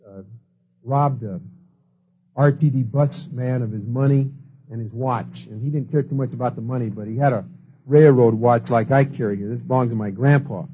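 Speaking at an ordinary speed in a mellow, mid-pitched voice, a man gives a lecture full of stories, performing the voices of those he quotes. The lo-fi recording sounds dull and has slight background noise.

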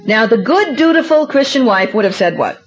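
A middle-aged woman giving a seminar talk, telling personal stories in an animated, self-mocking and emphatic way. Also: fairly high pitch, fairly quick, crowd noise. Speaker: seminar speaker. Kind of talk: lecture with personal anecdotes. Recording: dull lo-fi recording.

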